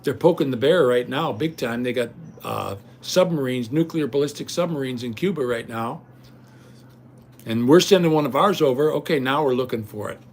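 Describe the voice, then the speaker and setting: An older man hosts a livestream, talking straight at his viewers in an indignant, rambling rant. His voice is medium-pitched at a moderate pace.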